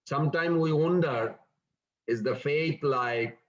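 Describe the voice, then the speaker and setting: A man's voice: fairly high pitch, takes it slowly, lo-fi sound. A man giving a scripture class in an earnest, explanatory storytelling manner. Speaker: scripture teacher.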